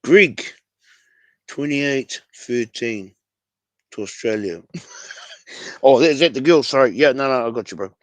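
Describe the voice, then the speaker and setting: A man's voice: medium pitch, unhurried, no room sound. A man with a New Zealand accent hosting a casual fan livestream, laid-back and slangy, calling everyone bro. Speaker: fan show host.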